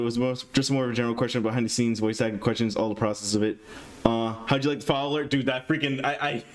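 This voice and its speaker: A man hosting a live stream between interview segments, talking to his chat in a jittery, self-deprecating way with nervous laughter. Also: a little high. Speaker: stream host interviewing a voice actor.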